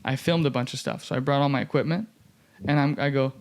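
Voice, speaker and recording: A man's voice: mid-range voice, fast talker, clean tone. A young man hosting a podcast, telling a story in casual chat and acting out the people he quotes, with many fillers. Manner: animated, acts out quoted voices, many "like" fillers.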